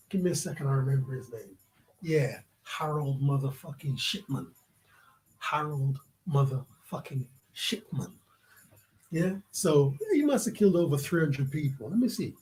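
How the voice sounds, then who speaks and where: A man's voice: on the high side, dark tone, poor audio. A man ranting in a vlog, profane and prodding the listener with repeated questions. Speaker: vlogger. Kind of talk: ranting commentary.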